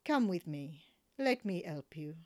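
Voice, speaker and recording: A woman's voice: lowish voice, sing-song, measured pace, darkish tone, voice pushed down. A woman voicing a suave, charming foreign man who speaks in a gallant, soothing way.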